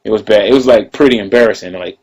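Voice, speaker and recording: A man's voice: fairly low pitch, fast talker, a little mellow, breathy edge, rough recording. A man, casually telling a personal story, loose and conversational, often tossing in "you know what I'm saying.".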